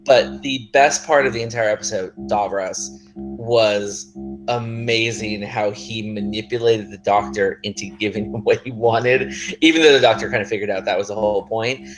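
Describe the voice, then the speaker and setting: A man co-hosting a podcast in casual chat, rambling excitedly and swearing casually. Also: lowish voice, moderate pace, music in the background, rough recording. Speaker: podcast co-host.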